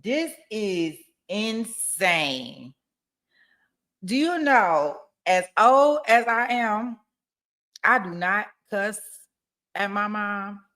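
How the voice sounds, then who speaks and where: A woman hosting a trial commentary video, reading out texts and reacting with expressive exclamations. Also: medium pitch, extremely slow. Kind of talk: reacting to courtroom footage.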